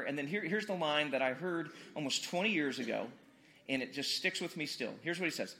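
A man's voice: fairly high pitch, expressive, fairly quick, sharp tone. A man preaching a casual, conversational sermon, joking with the congregation and repeating words for emphasis. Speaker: pastor.

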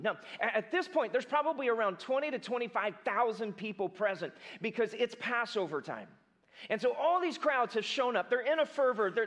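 A young adult man with a high voice preaches in a loose, conversational style. He retells a Bible story with animated energy, slipping into the characters' voices in casual modern speech. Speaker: pastor.

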